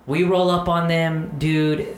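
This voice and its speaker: Casual podcast guy, man, animated storyteller who swears freely, roomy echo with a faint hiss. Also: fairly high pitch, slow. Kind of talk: casual chat.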